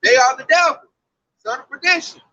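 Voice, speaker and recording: A man preaching in loose, excitable chat, riffing and exclaiming between scripture readings. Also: very high voice, a little fast, dull audio. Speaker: street preacher.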